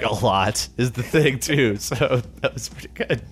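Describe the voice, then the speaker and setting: A man's voice: medium pitch, unhurried. An American man hosting a podcast, chatting casually, joking and stumbling over his words. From United States. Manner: stammering, joking, animated. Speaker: podcast host.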